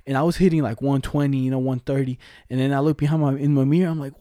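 A young man cohosts a casual podcast, spinning slangy stories with frequent laughs. His voice is mellow and warm. The sound is dry and close. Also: medium pitch, fairly even intonation, fast talker, no room sound. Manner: laid-back slangy storytelling, frequent laughs. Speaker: podcast co-host. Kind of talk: casual chat.

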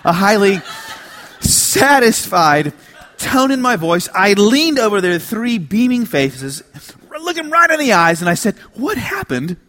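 A male pastor with a high, lively voice that swoops up and down as he preaches. He tells stories with humor, dropping to quiet asides and rising into emphatic lines. He sounds middle-aged. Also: unhurried. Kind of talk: sermon.

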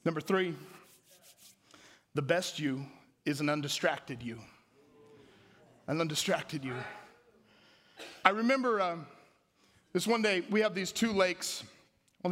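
A man with a high, bright voice preaches a sermon in a church. He jokes often and turns to the crowd with prompts, swinging between playful asides and rising, emphatic lines. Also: a little slow, long pauses.

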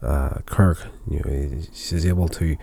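A man's voice: extremely low pitch, steady tone, a little slow, creaky, dark tone, dry recording. A tired man casually recapping a television episode, rambling with many fillers and restarts. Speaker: show recapper.

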